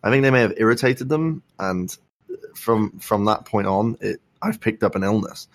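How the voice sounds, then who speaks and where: A young man with a sore throat, speaking softly while telling a rambling, wry story in a casual podcast chat. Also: on the low side, animated, normal speed, dry recording. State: sore throat, soft-spoken. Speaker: podcast co-host.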